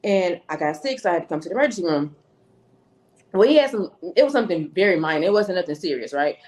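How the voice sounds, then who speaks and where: Talking fast and expressively, a woman with a lowish, somewhat dark voice shares a personal story as a podcast guest. It's casual storytelling, and she performs the voices of the people in the conversations she recalls.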